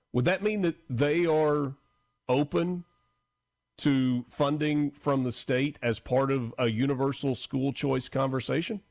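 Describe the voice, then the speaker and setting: A man's voice: medium pitch, darkish tone. A man hosting a radio talk show, asking long, layered questions in a casual interview. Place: radio studio.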